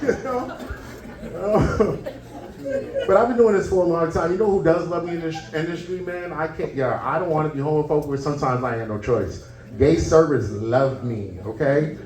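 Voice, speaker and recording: A man with a high voice does stand-up, telling stories and acting out the people in them. He sounds distant, picked up in an echoey room. A crowd laughs along in the background. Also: normal speed, darkish tone. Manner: storytelling, acting out characters. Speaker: stand-up comedian. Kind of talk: stand-up comedy set. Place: comedy club stage with live audience.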